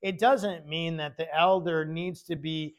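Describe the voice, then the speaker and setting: A man teaching a casual Bible study, talking conversationally, often pausing on fillers and repeating key words. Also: fairly high pitch, steady tone.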